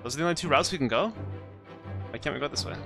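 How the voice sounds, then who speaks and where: Over loud game music, a man hosting a let's play reads the story text aloud in a fairly high, rapid-fire voice. His casual commentary keeps breaking into chatty, puzzled asides.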